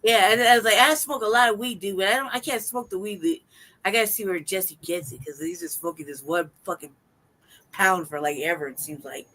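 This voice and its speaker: A woman's voice: medium pitch, fairly quick, slight background noise, rough recording. A young woman co-hosting a podcast, telling stories in casual chat with lots of swearing and laughter. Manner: profane, animated storytelling with frequent laughter. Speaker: podcast co-host.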